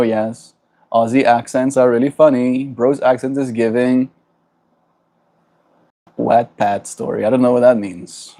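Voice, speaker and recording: Gentle South African man streaming. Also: medium pitch. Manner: gentle, warm-hearted, laughs often. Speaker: livestreamer reading chat. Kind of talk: casual livestream chat.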